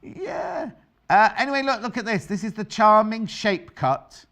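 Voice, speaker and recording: Middle-aged woman, quilting presenter, chatty banter, sharp tone. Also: mid-range voice, expressive, moderate pace. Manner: chatty, banters with crew and viewers. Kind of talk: live TV sewing demonstration.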